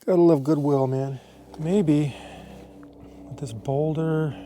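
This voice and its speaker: A man's voice: fairly high pitch, fairly even intonation, takes it slowly, dark tone, a little hiss or hum. A man with an American accent, casually narrating an outdoor camping vlog into a handheld action camera. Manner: chatty, easygoing, with fillers and laughs. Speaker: travel vlogger. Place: outdoors on a desert cliff and campsite.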